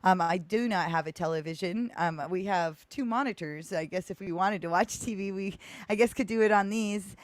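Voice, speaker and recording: A woman's voice: mid-range voice, normal speed, dry recording. Giggly rambling woman host, dry sound. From United States. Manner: rambling, many restarts and giggles. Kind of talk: casual live-show chat.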